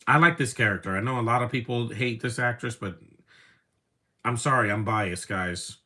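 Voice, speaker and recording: A man's voice: mid-range voice, moderate pace, sharp tone. A man giving casual live commentary over a movie, rambling from one opinionated aside to the next.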